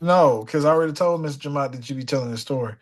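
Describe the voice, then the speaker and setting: A young man spins a studio anecdote in relaxed conversation. He is animated and slips into other people's voices to act out the scene. His voice sits a little on the high side. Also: rapid-fire. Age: young adult. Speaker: guest musician. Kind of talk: casual storytelling in a sit-down conversation.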